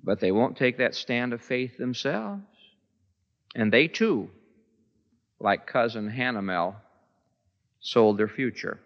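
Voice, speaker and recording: A man's voice: mid-range voice, lively intonation, slow, long pauses. Emphatic male preacher in an echoey hall. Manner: emphatic, repeats words for effect. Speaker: pastor. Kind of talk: sermon. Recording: echoey church hall, dull lo-fi sound.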